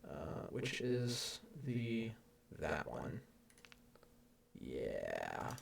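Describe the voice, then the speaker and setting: A man's voice: rumbling low, wildly swooping pitch, very slow, gravelly, long pauses, recorded from a distance, a little hiss or hum. A man giving casual commentary over a strategy game, rambling, thinking aloud and grumbling about the interface. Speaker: strategy game let's player.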